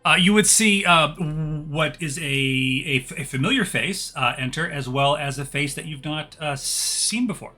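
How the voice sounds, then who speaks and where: Male game master, hesitant with fillers, very bright voice, faint background music. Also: a little high, animated, unhurried, few pauses. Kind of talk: narrating a tabletop game.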